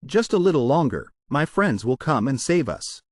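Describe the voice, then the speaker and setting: A protective father who works in rescue, read out by a man in a storybook recap sounds urgent but reassuring. His pitch rises and falls freely. The sound is dry and close. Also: very animated, moderate pace, a little mellow, no echo.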